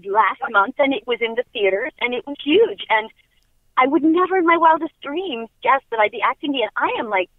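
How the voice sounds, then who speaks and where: A woman's voice: sits high, animated, fairly quick, no echo. Brief: middle-aged woman from Long Island, bubbly phone guest, dry, tinny line. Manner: upbeat, chatty, laughs often. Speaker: guest actress. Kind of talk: casual phone interview. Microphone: telephone.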